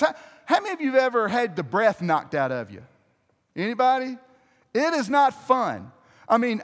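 High-voiced male preacher in a hall. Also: fairly bright tone. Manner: conversational preaching with restarts and asides to the congregation. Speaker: pastor. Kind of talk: sermon.

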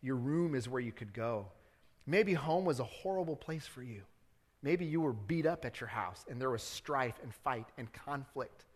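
A man's voice: medium pitch, expressive, moderate pace, in a large hall. A man preaching a sermon as the church's pastor, talking casually with the congregation and building to fervent appeals. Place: church sanctuary.

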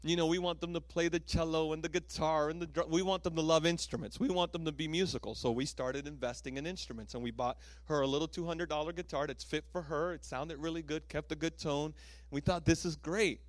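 A male pastor preaching a sermon with lively storytelling, acting out voices and laughing at himself. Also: a little high, fairly quick, no echo.

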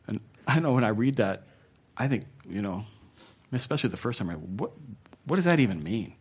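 This man is preaching as a pastor, chatting with the congregation and chuckling at his own side remarks. He alternates between forceful, loud stretches and soft, hushed ones, speaking briskly with a fairly low, slightly rough voice and lively intonation.

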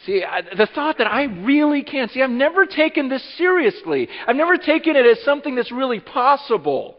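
A man preaching a sermon as pastor, acting out what listeners might say in lively bursts. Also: very high-pitched, a little fast, in a large hall, lo-fi sound. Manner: animated, acts out imagined speech of listeners. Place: church sanctuary.

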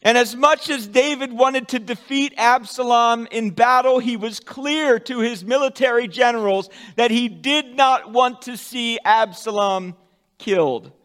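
A pastor preaching a sermon, with dramatic swings from loud emphatic peaks to hushed, soft endings. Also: male voice, very high-pitched, unhurried, clear, resonant tone, big-room sound.

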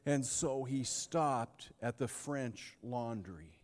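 Pastor preaching in a reverberant hall. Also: male voice, mid-range voice, lively intonation. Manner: storytelling with dramatic pauses and swings between loud and hushed. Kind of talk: sermon.

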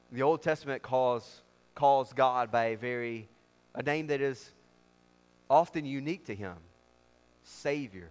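A man preaching a sermon as pastor, with an emphatic, repetitive cadence. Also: mid-range voice. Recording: long reverb of a large hall.

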